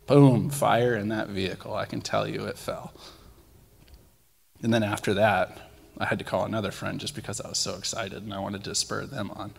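A young man gives a casual testimony from the pulpit, acting out bits of his story as he goes. His voice sits low with a gravelly edge. The sound rings with the long reverb of a church hall. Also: normal speed. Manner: animated storytelling with acted-out quotes. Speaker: lay speaker sharing testimonies. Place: church sanctuary.

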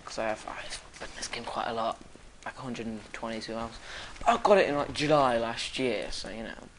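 A young man casually commentating his own gameplay, excitable, swinging from muttering to sudden yelps. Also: mid-range voice, brisk, slight background noise. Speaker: gamer commentating his play.

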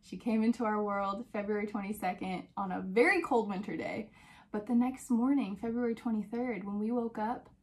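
A young woman hosting a podcast, telling a personal story in a chatty, animated way with many fillers. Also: medium pitch, moderate pace. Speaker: podcast host.

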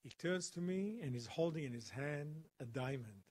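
A man's voice: a little high, expressive, normal speed, a little mellow. A man giving a storytelling talk to an audience, dramatically acting out the dialogue. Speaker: guest speaker. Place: college lecture hall.

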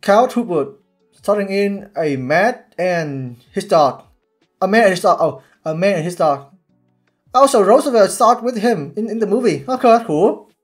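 A man giving casual commentary while watching a series, excitable and halting with many restarts. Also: sits high, soft background music. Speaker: YouTube reactor.

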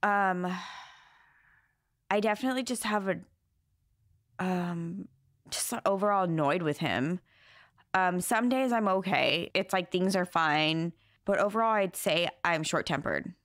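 A woman's voice: fairly low pitch, a little slow, long pauses, a bit bright, no echo, clean studio sound. A young woman guest talking candidly, frank and exasperated, swearing freely. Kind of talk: candid personal conversation.

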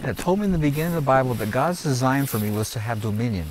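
Against a noisy background, a man with a mid-range voice and lively intonation talks rapid-fire while leading a group through an outdoor garden. As the tour's gardener he teaches in an emphatic, preachy manner, repeating himself and asking "are you hearing me?"

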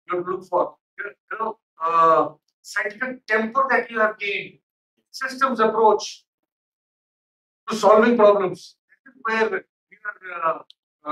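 A man's voice: high-pitched, sharp tone, distant mic. A man giving stern feedback in a mock interview, with many fillers. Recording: echoey room, off mic.

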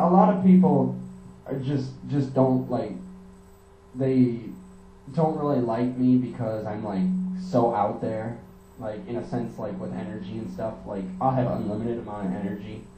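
A young man doing a rambling, energetic stand-up style monologue, talking fast and swearing often. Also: medium pitch, echoey room, distant mic, a little hiss or hum, rough recording. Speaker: comedian.

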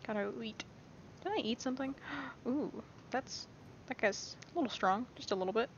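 A woman's voice: fairly high pitch, normal speed. A young woman giving casual, rambling let's-play commentary, playful and often reassuring herself. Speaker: gameplay streamer. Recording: dull lo-fi mic with faint hiss.

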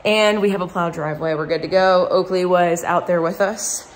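A young woman talking casually to the camera for her vlog, chatty and excitable, full of fillers. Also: fairly low pitch, moderate pace. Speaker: vlogger.

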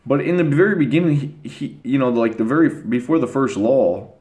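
A man's voice: medium pitch, brisk, a little mellow. Blunt young man ranting in echoey room. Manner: blunt, rambling, with crude slang. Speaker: channel host. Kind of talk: casual monologue to camera.

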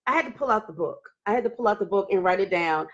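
A woman's voice: medium pitch, animated, fast talker, lo-fi sound. A woman hosting a casual live-stream chat, greeting viewers by name and laughing often as she talks. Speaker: livestream host.

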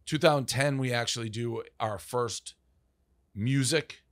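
A man's voice: medium pitch, unhurried, no echo, clean studio sound. A man talking as a podcast guest about founding his company, rambling and profane, with lots of "like" fillers. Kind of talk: casual interview storytelling.

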